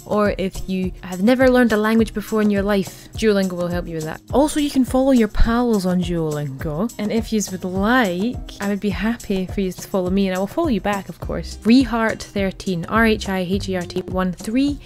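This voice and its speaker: A woman's voice: medium pitch, moderate pace, few pauses, a little mellow. A young Scottish woman with a Scottish accent, chatting to camera in a playful, self-mocking vlog. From Scotland. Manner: chatty, playful, laughs at herself. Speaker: vlogger. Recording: faint background music.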